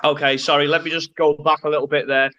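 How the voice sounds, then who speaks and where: A man from Cheshire with a northern English accent hosts a relaxed online chat, calling his guest "bro". His voice sits high and sounds very sharp and bright. The audio is dull and lo-fi. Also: fast. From Cheshire, England. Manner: laid-back, matey, calls guest bro. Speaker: host. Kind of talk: casual online interview chat.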